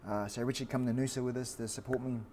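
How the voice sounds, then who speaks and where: A man in his forties from Australia, a fighter telling stories as a guest, lively with lots of fillers and restarts. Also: medium pitch, fast talker, a little hiss or hum. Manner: animated storyteller with frequent fillers and restarts. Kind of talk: storytelling in an interview.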